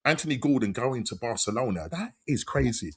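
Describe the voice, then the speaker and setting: A man hosting a football podcast in casual, excitable chat, repeating his shout-outs. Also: medium pitch, brisk, a crowd in the background. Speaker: podcast host.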